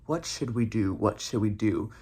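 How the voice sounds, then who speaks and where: A man voicing a council of wise old bearded Trid elders, small folk, musing slowly in a low voice in a campfire story. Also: mellow, breathy edge. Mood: pondering. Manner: ponderous, musing.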